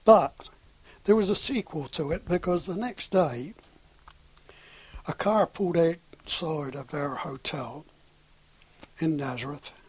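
A man's voice: a little high, slow, pauses often, breathy edge. An older man telling a wartime anecdote in an oral history interview, acting out the dialogue with a chuckle now and then. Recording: dull lo-fi recording.

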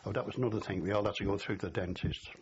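A man's voice: lowish voice, rapid-fire. An older man from the Liverpool area with a Scouse accent, telling stories in an oral history interview and chuckling at his memories. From Liverpool area, England. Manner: chatty storyteller, laughs at his memories. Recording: dull lo-fi recording with faint hiss.

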